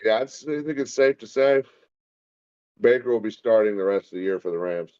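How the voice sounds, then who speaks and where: A man's voice: lowish voice, brisk, dark tone, clean tone, no echo, dull audio. A man co-hosting a casual live football reaction show, with wry, laid-back comments. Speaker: co-host.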